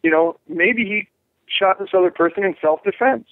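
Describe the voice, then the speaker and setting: Being interviewed on the phone as a jury rights activist, a man with a high-sitting voice speaks at normal speed. There's no room sound, just a tinny line, and he's animated, restarting phrases repeatedly and acting out quoted voices.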